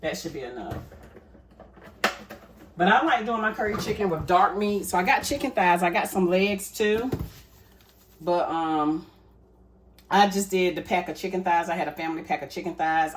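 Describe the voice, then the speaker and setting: Woman, relaxed cooking vlog chat, home kitchen, slightly low voice. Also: normal speed, pauses often, a little hiss or hum. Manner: chatty, addresses viewers as y'all. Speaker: cooking vlogger.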